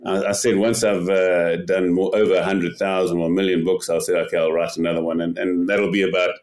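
Low-voiced older man telling animated stories. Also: fairly quick. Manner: animated storyteller, repeats words, acts out quotes. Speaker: podcast guest, ocean paddler. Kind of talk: casual interview talk.

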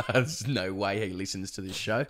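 Joking Australian man, lowish voice. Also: noisy background. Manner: joking, rambling, mock-grandiose. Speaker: podcast co-host. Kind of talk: casual cricket chat with ad reads.

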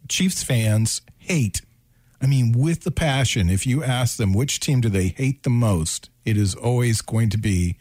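A man's voice: medium pitch, lively intonation, a little slow, darkish tone, no room sound, clean studio sound. Midwestern man giving sports opinions. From American Midwest. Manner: opinionated, repeats himself while thinking. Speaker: sports talk co-host. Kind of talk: casual sports chat.

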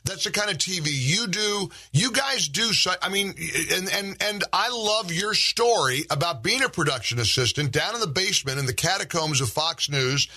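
A man's voice: high voice, animated, normal speed, hardly any pauses, sharp tone, husky. A man hosting a conversational interview, rambling with frequent restarts as he tells anecdotes. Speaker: talk show host.

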